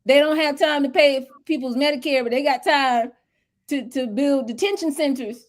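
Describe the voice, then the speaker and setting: A woman's voice: sits high, normal speed. A woman speaking as a guest mentor on a livestream interview, talking in an emphatic, preachy, colloquial way over a video call.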